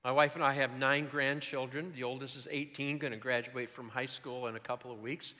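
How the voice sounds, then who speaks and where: A man in his sixties preaching a sermon, telling stories in an animated way that swings from loud to hushed. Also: mid-range voice, a little fast, in a large hall. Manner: animated storytelling, shifting between loud and hushed.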